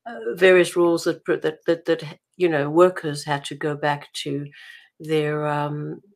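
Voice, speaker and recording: A woman's voice: sits low, fairly even intonation, a little slow. A woman from South Africa being interviewed as an author, talking in a chatty way with many restarts. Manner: chatty, many restarts and laughs while telling anecdotes. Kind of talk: casual interview over a call.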